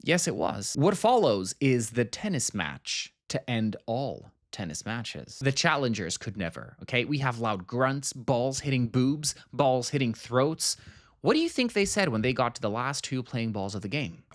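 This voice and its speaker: A man recaps a comedy film with theatrical flair and sarcastic asides. His pitch swings widely from line to line. The sound is dry and close, with no room around it. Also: big pitch swings, normal speed, dry recording. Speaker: film reviewer.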